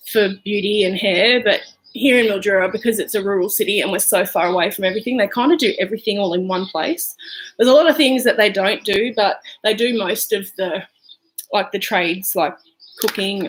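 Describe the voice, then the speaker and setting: A woman's voice: mid-range voice, slight background noise, rough recording. A woman with an Australian accent, chatting casually and rambling through her makeup routine at home, with plenty of "um" and "like". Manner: chatty and rambling, lots of fillers. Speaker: beauty vlogger.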